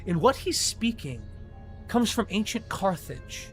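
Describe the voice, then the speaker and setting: A man narrating a tabletop horror game as game master, describing scenes in an unhurried way with many filler words. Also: sits high, big pitch swings, soft background music.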